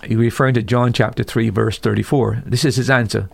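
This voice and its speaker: A man who is a pastor talking on a radio discussion, emphatic and rising sharply in pitch when he quotes other preachers. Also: fairly even intonation, fairly quick, vocal fry. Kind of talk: radio talk show discussion.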